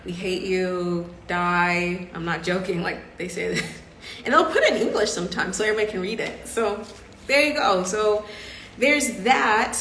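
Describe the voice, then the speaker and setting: A woman's voice: medium pitch, normal speed. Chatty woman in an echoey room. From Southern United States. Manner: chatty and expressive, laughs often, acts out other people's lines. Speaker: podcast host. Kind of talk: casual live-stream chat. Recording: echoey room with faint background hum.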